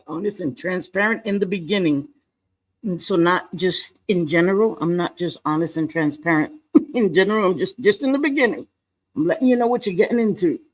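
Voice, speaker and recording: A middle-aged man with a notably high voice chats casually on a livestream. He talks playfully, laughs a lot and swears lightly as he greets people. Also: brisk. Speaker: livestream co-host.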